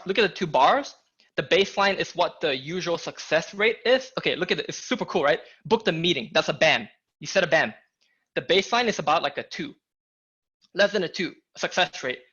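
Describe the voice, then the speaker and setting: An energetic man teaching a live online sales class, pushing each point hard and calling out to his listeners. His voice sits fairly high with a forceful, bright edge. The audio is dull and lo-fi. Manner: energetic, emphatic, talks to the audience directly. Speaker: sales trainer. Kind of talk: live online training talk.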